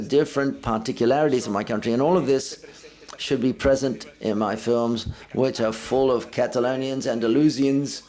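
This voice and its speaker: Male interpreter, press conference, mid-pitched voice, first-person relay, voice lifts on quotes. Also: a little mellow. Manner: relays speakers in the first person, raising his voice for quoted lines. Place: film festival press conference room.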